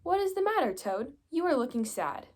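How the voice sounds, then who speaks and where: An eager, cheerful little frog fussing kindly over his friend in a storybook, as a young woman puts him on. The voice sits up high and coaxes with bright, hopeful lifts. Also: big pitch swings, normal speed.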